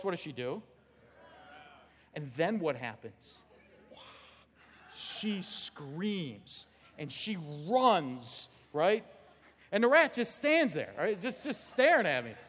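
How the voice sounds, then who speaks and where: A male pastor preaching a sermon, telling an animated personal story and laughing along with it. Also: high-pitched. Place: church sanctuary. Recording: long hall reverb.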